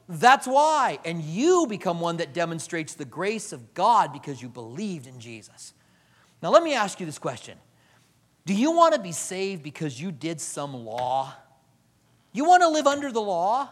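High-voiced preaching man in a reverberant hall. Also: unhurried. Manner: animated preaching, acting out quoted voices, swings from loud to hushed. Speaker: pastor. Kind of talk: sermon.

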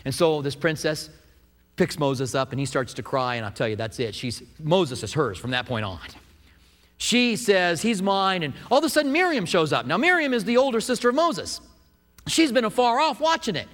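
A man preaching to his congregation in a casual, animated way. His voice sits fairly high, and he keeps throwing questions out to the room. It comes through with a long, ringing hall reverb. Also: moderate pace. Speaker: pastor. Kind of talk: sermon.

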